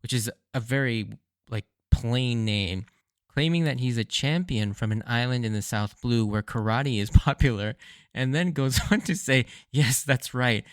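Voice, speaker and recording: A man hosting a solo podcast, recapping anime episodes in a casual, excited way, often laughing and saying "like.". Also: medium pitch, moderate pace, smooth, no room sound, studio quality. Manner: casual, filler-heavy with frequent "like". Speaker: podcast host. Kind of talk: solo rewatch commentary.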